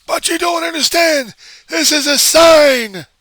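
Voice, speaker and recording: A man putting on the voice of a frantic male protester who shouts the same words over and over. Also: mid-range voice, big pitch swings, racing, no echo, pitched above the performer's own voice. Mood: frantic shouting. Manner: shouting, insistent, repeating himself.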